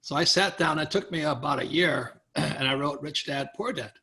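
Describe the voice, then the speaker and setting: An older man, a guest author in an interview, telling stories in an animated way and acting out what other people said. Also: a little high, normal speed. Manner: animated storyteller, acts out quoted people, chuckles often. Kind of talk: storytelling in a conversational interview.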